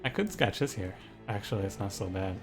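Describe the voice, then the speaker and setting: Streaming a card game, a young man gives loose commentary in a lowish, slightly quick voice over background music. He thinks out loud, keeps restarting his sentences, and slides into exasperated rants.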